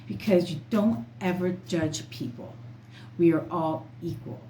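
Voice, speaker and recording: Speaking casually to camera, a woman tarot reader rambles in an emphatic, outspoken way. Her voice is lowish and dark-toned, her pace measured. The room is echoey, with faint background noise.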